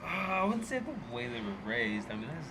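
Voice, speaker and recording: A man's voice: medium pitch, sing-song, fairly quick. A man in his twenties, a podcast guest, laid-back and giving brief answers. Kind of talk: casual chat. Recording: background noise.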